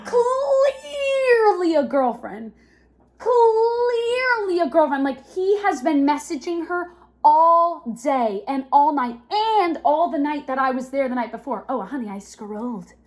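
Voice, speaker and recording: A young adult woman hosting a podcast, telling a personal story in a casual, animated way, with lots of fillers and laughter. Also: high voice. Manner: animated, chatty, quick to laugh, many fillers. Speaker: podcast host.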